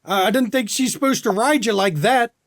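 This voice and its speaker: A man's voice: high voice, moderate pace, a bit bright. A man game master voicing a swaggering, bow-legged male vampire who flirts crudely, with a brash, teasing drawl. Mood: cocky. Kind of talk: tabletop role-play voicing.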